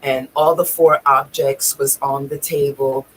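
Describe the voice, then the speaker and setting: A woman's voice: rumbling low, flat delivery, unhurried, slight background noise, poor audio. A woman vlogging, telling a personal story in a raw, emotional way, swearing freely and near tears at times. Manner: raw, profane, tearful at times.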